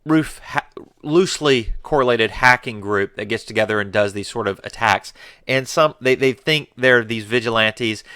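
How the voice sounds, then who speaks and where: Combative sarcastic male commentator, bright voice. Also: mid-range voice, clear, resonant tone, dry recording, clean studio sound. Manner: combative and sarcastic, with mocking exclamations. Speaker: political commentary show host. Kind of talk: opinionated political commentary.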